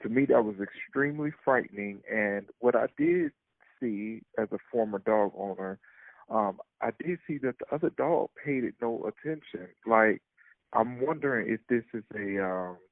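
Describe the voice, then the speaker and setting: Panelist, male, deep gravelly voice, measured delivery, tinny phone-like line. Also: animated, no room sound. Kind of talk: casual talk show chat.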